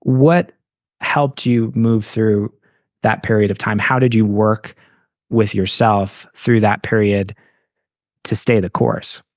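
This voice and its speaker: A man with a gravelly, fry-tinged voice hosts a coaching interview. He speaks in a measured, reflective way and affirms his guest. The sound is close and dry. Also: on the low side, fairly even intonation, dry recording. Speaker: business coach and podcast host.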